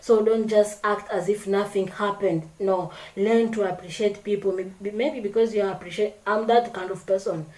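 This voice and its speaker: A woman's voice: medium pitch, steady tone, moderate pace, hardly any pauses, a little mellow. Echoey woman vlogger giving advice. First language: French. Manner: unscripted, repeats and corrects herself, acts out quoted examples. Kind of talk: casual advice talk to camera.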